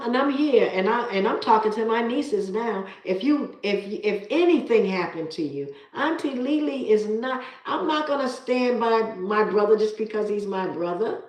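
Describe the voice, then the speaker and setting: Middle-aged woman, emphatic, in a roomy space. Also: on the high side. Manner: emphatic and preachy, repeating herself. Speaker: live streamer. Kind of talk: casual live-stream talk, reading viewer comments. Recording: roomy echo.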